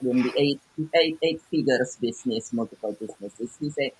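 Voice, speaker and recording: A woman's voice: a bass voice, normal speed, few pauses, darkish tone, husky, poor audio. A woman coach talking in a live discussion, rambling with restarts and short laughs. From United States. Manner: rambling with self-corrections and laughs. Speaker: life coach.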